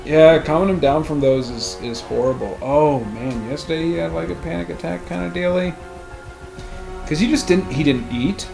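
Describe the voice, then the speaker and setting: Young guy rambling thru a story while gaming, swears a lot, kinda high voice, faint game music behind. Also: moderate pace, gravelly. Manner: rambling storytelling, swears freely, laughs often. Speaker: let's play host. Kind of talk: casual chat over gameplay.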